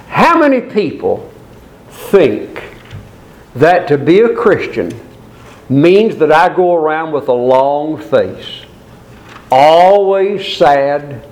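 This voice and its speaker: A man's voice: fairly high pitch, very animated, very slow, long pauses, darkish tone, low-quality recording. A man preaching a sermon in an emphatic, repetitive style, quoting scripture and sometimes correcting himself as he goes.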